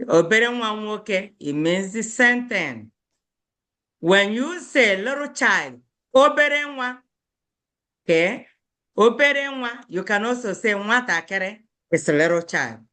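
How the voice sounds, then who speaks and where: A woman teaching an online beginner language class, repeating each word slowly and spelling out syllables for learners, firm when children stop paying attention. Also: medium pitch, expressive, a bit bright. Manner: slow, repeats words and stresses syllables for learners; firm with children who do not pay attention.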